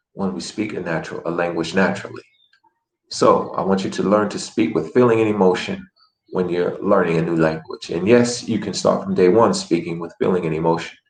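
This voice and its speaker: A man's voice: sits low, gravelly, reverberant, rough recording. A man teaching an online language lesson in an earnest, encouraging coaching manner.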